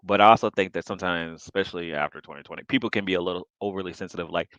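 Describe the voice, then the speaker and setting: Man, very low voice, casual musing chat, dull dry recording. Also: very fast, hardly any pauses, fairly bright tone, no echo. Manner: chatty, wondering aloud.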